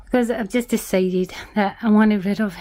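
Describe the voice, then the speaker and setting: A woman's voice: mid-range voice, fairly even intonation, normal speed, mellow, no echo. A Scottish woman talks through her home redecorating in a chatty, frank, self-deprecating way. Her voice sits in an ordinary middle range and sounds close and dry, with almost no room around it. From Scotland. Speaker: vlogger. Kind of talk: casual vlog chat while working. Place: small house, indoors, redecorating.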